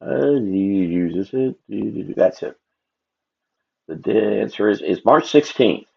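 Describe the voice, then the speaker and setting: A man's voice: fairly low pitch, lively intonation, slow pace, gravelly, slightly rough. A man chatting casually and rambling to himself and his viewers while he draws on a live stream. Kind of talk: casual livestream chat while drawing. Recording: dull lo-fi stream audio.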